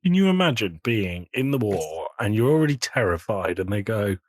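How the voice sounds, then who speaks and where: A man's voice: fairly low pitch, big pitch swings, moderate pace, no room sound, studio quality. A British man co-hosting a podcast, reacting with short quips and laughs in casual chat. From Britain. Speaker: podcast co-host.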